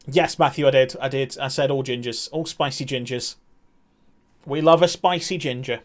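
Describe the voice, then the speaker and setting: A man's voice: mid-range voice, normal speed. A young man chatting casually on a live stream, reacting to viewers and laughing often. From England.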